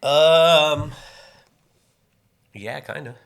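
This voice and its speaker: A man's voice: fairly high pitch, drawn-out words, creaky, fairly bright tone, clean tone. A man, co-hosting a casual podcast, telling a story full of swearing and acted-out quotes. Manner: swears constantly, acts out quoted voices. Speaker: podcast co-host.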